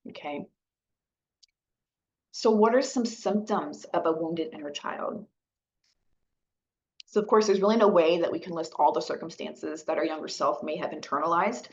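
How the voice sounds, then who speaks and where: A woman outreach specialist giving a gentle, conversational educational talk, often checking in with her listeners. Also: lowish voice, normal speed, lo-fi sound. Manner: gentle, conversational, frequent "right?" and "okay?" checks.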